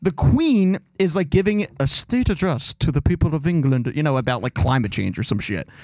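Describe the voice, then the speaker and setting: Young philly dude rambling on a podcast, lots of um and like, pretty high voice, dry mic. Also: male voice, expressive, a little fast, a little mellow, dry recording. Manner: rambling, self-mocking, lots of fillers. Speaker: podcast co-host. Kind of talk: casual chat.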